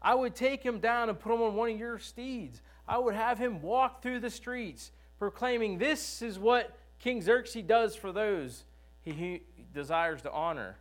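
A man's voice: sits high, measured pace, pitched above the performer's own voice. A man voicing a boastful, self-important male royal official in a grandiose, gleeful manner during a sermon. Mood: gloating.

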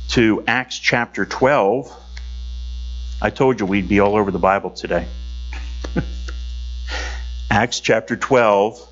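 A man's voice: on the low side, a bit bright, dull audio. A man teaching a Bible study lesson in a conversational way, with fillers and self-corrections.

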